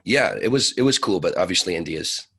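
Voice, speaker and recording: A man's voice: deep voice, animated, a little fast, fairly bright tone, slightly rough. A man guest on a podcast, telling travel stories in a laid-back, casual conversational way. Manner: laid-back storytelling with loose phrasing.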